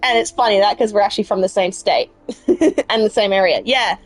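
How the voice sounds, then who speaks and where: Very animated, this woman streams a game with a South Australian accent, chatting and rambling as she replies to live chat at normal speed. Her pitch is medium, there's no room sound, and faint music plays in the background.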